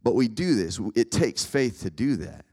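A man's voice: mid-range voice, sing-song, normal speed, dark tone. A young man preaching a casual sermon to students, keeps checking in with his listeners. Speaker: campus ministry speaker.

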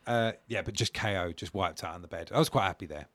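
A man's voice: sits low, fast, fairly bright tone, a little hiss or hum. A man co-hosting a podcast, telling a long embarrassing story in a rambling, self-deprecating way. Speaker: podcast co-host. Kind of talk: casual chat, storytelling.

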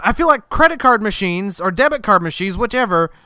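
A man's voice: high-pitched, animated, brisk, pushed and bright, clean tone, no room sound, clean studio sound. A man hosting a comedy podcast, ranting in an exasperated way about everyday annoyances. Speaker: podcast host. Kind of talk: comedic monologue.

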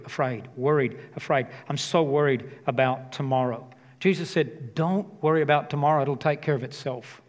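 Passionate pastor in a reverberant hall. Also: male voice, mid-range voice. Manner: passionate, emphatic, repeats key phrases. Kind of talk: sermon.

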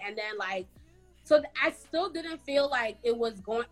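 A young woman co-hosting a casual chat show, talking with animated, laughing exclamations. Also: fairly high pitch, measured pace, soft background music. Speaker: podcast co-host.

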